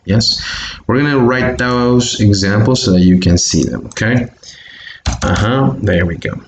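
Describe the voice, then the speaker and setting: Man, English teacher, from Bolivia, lowish voice, very slow deliberate pace, careful pronunciation drills, echoey room, faint typing. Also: highs cut off, slight background noise. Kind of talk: recorded online English lesson.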